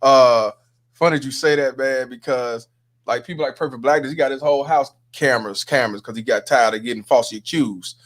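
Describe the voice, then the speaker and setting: A man's voice: medium pitch, fairly quick, a bit bright. Male guest on a call, sounds distant from the mic, chimes in and agrees. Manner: agreeing, chiming in. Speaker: guest on the stream. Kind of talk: casual chat.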